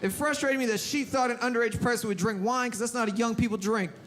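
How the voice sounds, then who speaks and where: A young man doing stand-up comedy, telling an exasperated story with animated shouted bits, into a handheld mic on a club stage. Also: very high voice, quick pace. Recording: loud audience laughter and noise.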